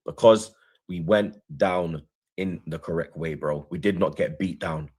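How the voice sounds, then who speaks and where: A man's voice: low-pitched, measured pace, darkish tone, slightly rough. A man, co-hosting a reaction show, boasting defiantly about his football club. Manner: boastful, defiant trash talk. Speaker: reaction channel co-host. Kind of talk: casual football banter.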